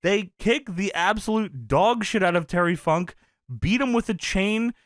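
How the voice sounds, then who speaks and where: A man casually recapping an old wrestling show, swearing freely, laughing often and loudly acting out the quotes. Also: high-pitched, a little slow, dry recording, studio quality. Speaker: podcast co-host recapping wrestling.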